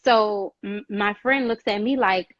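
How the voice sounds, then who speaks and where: A woman's voice: medium pitch, measured pace, no echo, muffled recording. A woman, a guest on a talk show, telling a personal story in casual talk and acting out other people's voices as she goes. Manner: animated, acts out other people's voices in quotes.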